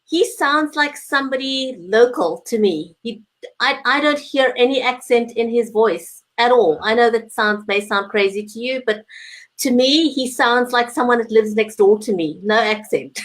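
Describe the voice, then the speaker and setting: A woman's voice: on the high side, moderate pace, poor audio. A woman co-hosting a live chat over a video call, speaking in an earnest, storytelling way. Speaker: co-host.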